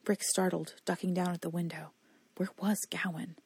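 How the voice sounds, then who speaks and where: A woman reading a novel aloud as audiobook narrator in steady storytelling. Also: lowish voice, moderate pace, slightly rough. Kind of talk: scripted narration.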